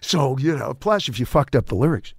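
An older man telling stories as a guest in a casual interview, animated and quick to break into laughter. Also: medium pitch, creaky, husky, no echo, clean studio sound.

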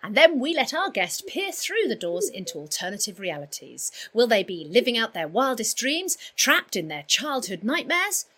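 A woman co-hosting a podcast, introducing a guest and chatting in an animated, laughing way. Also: a little high, normal speed, hardly any pauses. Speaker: podcast co-host. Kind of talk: casual podcast chat.

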